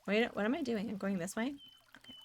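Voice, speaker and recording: An animated Dutch woman with a slightly high voice talks fast while streaming gameplay. Her casual commentary is bubbly and chatty, and she reads viewers' chat messages aloud.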